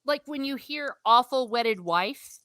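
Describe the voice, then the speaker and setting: Female host from Ireland, chatty livestream talker, bright tone, dry close sound. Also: fairly high pitch, lively intonation, a little slow, no echo. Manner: chatty and rambling, reading out viewer comments. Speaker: book discussion host. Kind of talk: casual livestream chat.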